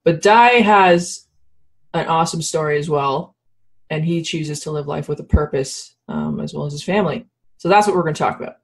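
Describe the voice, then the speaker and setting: Deep and gravelly with a breathy edge, a woman's voice moves at normal speed. She's a podcast host from Canada running a casual interview out of her Ottawa home studio, laughing a lot and chatting, sounding drowsy in the early morning.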